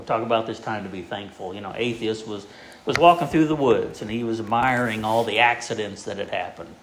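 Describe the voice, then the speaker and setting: A man preaching a sermon in a folksy, halting way, with many fillers and restarts as he tells a joke. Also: on the low side, vocal fry, echoey room, a little hiss or hum, poor audio.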